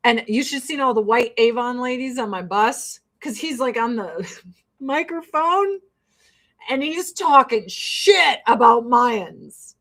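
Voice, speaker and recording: A woman's voice: fairly high pitch, animated, takes it slowly, a bit bright. A woman doing her makeup while ranting in a blunt, profane, fired-up way. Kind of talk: casual get-ready-with-me rant.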